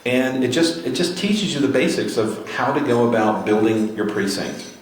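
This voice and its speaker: A man's voice: medium pitch, animated, moderate pace. A man giving a motivational talk to a live audience, urging them on with repeated rallying questions. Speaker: speaker at a grassroots political gathering. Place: event room with a crowd. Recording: very echoey room, faint noise.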